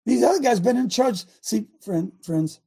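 Male radio host, gravelly and husky, fervent and preachy. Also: high voice, expressive, moderate pace, mellow. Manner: fervent, preachy, rhetorical questions. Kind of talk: call-in talk radio.

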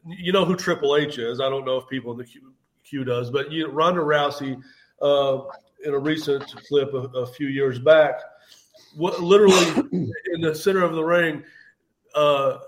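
A man who teaches self-defense, talking animatedly on a call-in show and often restarting his sentences. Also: on the high side. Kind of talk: call-in talk.

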